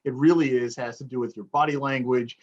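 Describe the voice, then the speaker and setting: A motivational speaker in a casual interview chat acts out phrases to demonstrate tones of voice and explain a point. His mid-range voice holds a steady tone at a fairly quick pace, and the highs are cut off.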